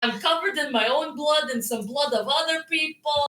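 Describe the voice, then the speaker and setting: Dry-humored woman at a game table, high bright voice, kinda far from the mic. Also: moderate pace. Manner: wry, deadpan in-character complaints. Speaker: player. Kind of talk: casual game talk. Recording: echoey room, a bit off mic.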